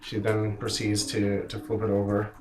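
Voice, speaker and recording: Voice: deep voice, completely flat delivery, normal speed, echoey room, over music, poor audio. A game master narrating a tabletop game in a casual, sometimes flustered way.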